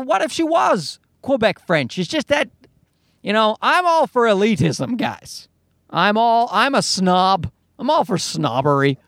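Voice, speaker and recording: A man's voice: very high-pitched, creaky, a bit bright, dry recording, clean studio sound. A man, likely in his thirties, telling a comic story as a profane, exasperated rant.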